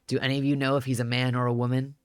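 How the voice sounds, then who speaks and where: A detached tall young man from a visual novel speaks in a dry, close voice pitched well below the reader's own, put on by a man reading aloud. His delivery is flat, even and unhurried, with little emotion showing. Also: smooth, dry recording, soft background music, lightly acted. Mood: calm.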